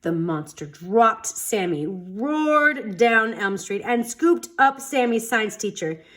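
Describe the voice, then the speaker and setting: A woman reading a children's storybook aloud in an expressive, dramatic storytelling manner. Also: a little high, slow pace. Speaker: storytime reader.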